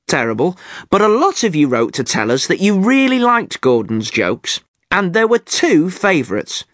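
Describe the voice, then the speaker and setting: Man, podcast host, upbeat and clear, lively pitch, dry close sound. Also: no room sound. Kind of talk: friendly learner podcast presenting.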